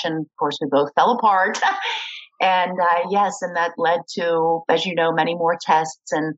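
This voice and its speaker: Middle-aged woman guest, breathy tone, animated storyteller who voices the people she quotes; muffled lo-fi sound. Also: on the low side, unhurried. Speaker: guest, kidney donor. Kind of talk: storytelling interview.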